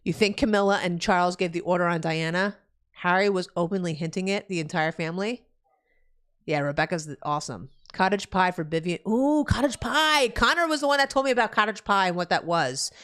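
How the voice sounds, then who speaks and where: A woman's voice: fairly quick, smooth. A young woman from New Jersey streaming live, chatting casually and ranting with heavy swearing. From New Jersey, USA. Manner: profane ranting, loud swings in pitch. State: pregnant.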